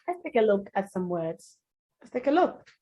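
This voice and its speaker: A woman teaching pronunciation in an online class, repeating words slowly and carefully for the students. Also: mid-range voice, very animated, mellow, muffled recording, a little hiss or hum. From Nigeria. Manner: slow, drilled repetition of words. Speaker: diction teacher.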